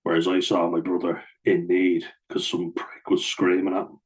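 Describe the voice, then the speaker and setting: A man's voice: low-pitched, completely flat delivery, moderate pace, poor audio. An Irish man telling a story straight to camera, blunt and venting, with heavy swearing. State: wearing a blood-pressure cuff. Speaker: vlogger.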